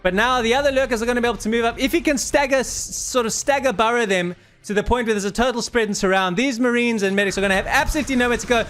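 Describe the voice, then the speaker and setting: A man casting a video game match with animated commentary, urging the players on and out of breath. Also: very high-pitched, racing, hardly any pauses, faint music behind. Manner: animated, urges players on, laughs in disbelief. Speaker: game caster. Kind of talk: excited esports commentary.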